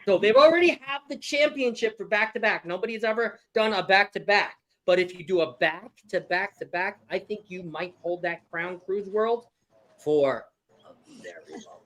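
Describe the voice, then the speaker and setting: A man's voice: high voice, normal speed, fairly bright tone. A man hosting a casual live-stream game show, laughing often and reading viewer chat aloud.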